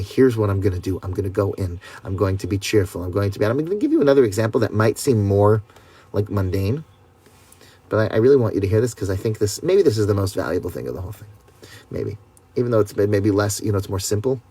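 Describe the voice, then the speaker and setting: A man's voice: medium pitch, a little mellow, husky, dry recording. A man, a rabbi, teaching a class over a video call in a conversational way, often asking listeners rhetorical questions. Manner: talks straight to listeners, with rhetorical questions and many "right?".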